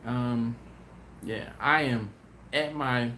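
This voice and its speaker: A tired man hosting a casual livestream, telling stories in a lively way and doing voices for his friends. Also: medium pitch, drawn-out words. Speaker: BBQ channel host. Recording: echoey room with faint noise.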